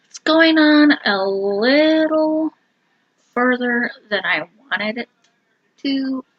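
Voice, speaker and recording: A fairly high-voiced woman gushing about her reading in casual vlog check-ins, talking slowly and repeating herself. The sound is dry and a bit muffled, as if from a camera mic. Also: a bit bright, dry recording. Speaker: booktuber.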